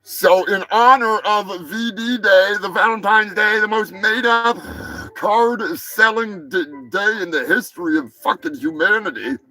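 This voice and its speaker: A man hosting a live stream, rambling crude jokes and shouting greetings to chatters. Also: high-pitched, a little slow, low-quality recording. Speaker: live show host. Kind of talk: crude casual livestream banter. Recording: music playing behind the voice.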